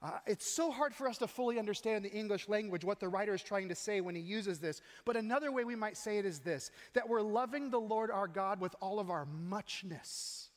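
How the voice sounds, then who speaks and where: A middle-aged man preaching a sermon in a church, talking in a conversational, animated way and often asking the congregation questions. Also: high-pitched. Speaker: pastor. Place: church sanctuary. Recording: long hall reverb.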